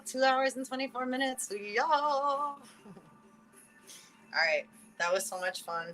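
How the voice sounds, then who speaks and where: A woman giving a spiritual card reading in a casual livestream chat, rambling and animated, full of "like" and quick laughs. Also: high-pitched, faint music behind, poor audio.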